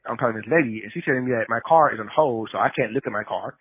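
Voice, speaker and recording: A man's voice: medium pitch, racing, slightly rough. Frustrated man venting over a tinny phone line. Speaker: podcast co-host calling in. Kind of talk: casual storytelling rant.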